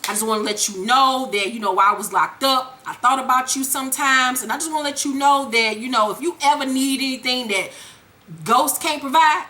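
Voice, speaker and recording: A man's voice: extremely high pitch, a little fast, bright, forceful tone. A man doing a smug, leering crude man.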